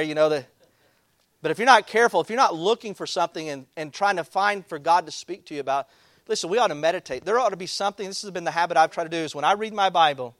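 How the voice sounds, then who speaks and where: An older man preaches in a church with a high-pitched voice. He tells homey stories in a folksy way, rising loud and dropping soft. The sound is dry and close. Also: no room sound. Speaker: pastor. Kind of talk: sermon.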